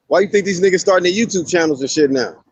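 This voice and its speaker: A man's voice: high-pitched, fast, slightly rough. A man co-hosting a casual, profane chat, talking blunt and emphatic. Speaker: podcast co-host.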